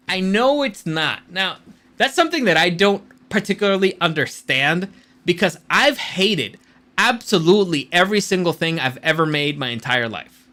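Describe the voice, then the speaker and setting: Blunt, bright-voiced male commentator. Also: high voice, lively intonation, normal speed. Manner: blunt, opinionated, profane. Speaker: host. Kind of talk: casual commentary.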